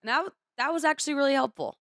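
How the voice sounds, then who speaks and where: A woman's voice: high-pitched, fast talker, fairly bright tone, dry recording, studio quality. A young adult woman co-hosting a podcast in casual chat, candid and rambling as she opens up. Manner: candid, rambling, emotional retelling. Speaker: podcast co-host.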